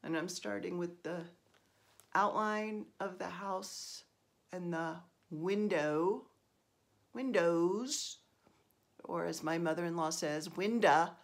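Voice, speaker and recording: A middle-aged woman from New Jersey talks over her stitching with a lowish voice, wandering off topic and teasing herself. Her ums come often and she never hurries. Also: takes it slowly, creaky, long pauses. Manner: rambling, self-deprecating, lots of ums. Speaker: stitching vlogger. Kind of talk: casual chat while stitching.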